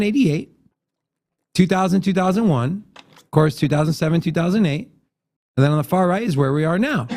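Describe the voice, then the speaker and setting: A man's voice: high voice, a little mellow. A man co-hosting a casual crypto livestream, tired from no sleep, teasing his co-host and walking through charts. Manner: joking, teasing, then explaining charts.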